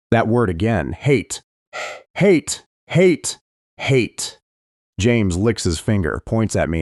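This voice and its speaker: Deep-voiced man narrating a thriller audiobook. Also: a little mellow, no room sound, clean studio sound. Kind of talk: scripted first-person audiobook narration.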